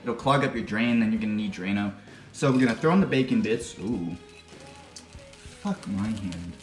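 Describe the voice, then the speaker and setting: A man's voice: fairly low pitch, animated, moderate pace. Crude, joking man in an echoey kitchen. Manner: crude, joking, rambling asides. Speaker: cooking show host. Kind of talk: casual cooking demonstration. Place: home kitchen. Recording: echoey kitchen with faint music.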